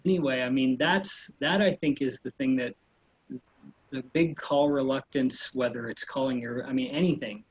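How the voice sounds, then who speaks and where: A man's voice: medium pitch, darkish tone, slightly rough, no room sound, muffled recording. A man who works as a real estate agent, chatting loosely about sales calls with lots of fillers and restarts. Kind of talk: casual panel chat giving sales tips.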